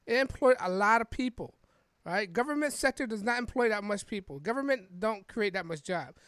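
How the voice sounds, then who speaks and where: In a mid-range, animated voice that runs a little fast, a woman hosts a podcast and reads an article aloud while giving casual political commentary. She rambles, restarting often and using tag questions; the studio sound is clean with no echo.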